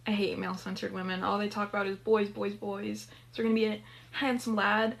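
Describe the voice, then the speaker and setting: A woman's voice: mid-range voice, level tone, a little fast, vocal fry, fairly bright tone. A woman reading a story aloud and chatting about its characters between passages. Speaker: story reader.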